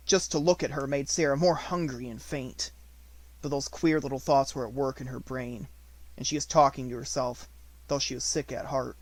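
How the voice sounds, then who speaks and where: A man reading an unabridged audiobook in a measured storytelling manner, slowing on descriptive words. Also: medium pitch, steady tone, dry recording. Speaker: audiobook reader.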